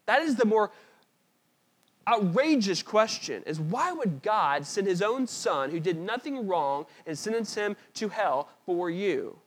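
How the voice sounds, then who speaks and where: A male preacher with a fairly high voice gives an earnest, emphatic sermon. He presses his points in short repeated phrases and sometimes trips and restarts mid-word. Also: animated, measured pace. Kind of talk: sermon with a read-aloud story passage.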